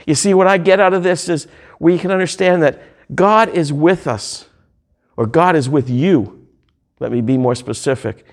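A man preaching a sermon, reading hymn lyrics and scripture aloud in slow, drawn-out phrases. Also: on the high side.

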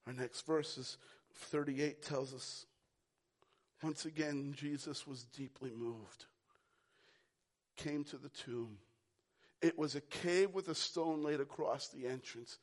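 A man preaching a sermon, repeating phrases for emphasis and swinging from shouts down to a hushed whisper. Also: on the high side, slow pace, long pauses. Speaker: pastor.

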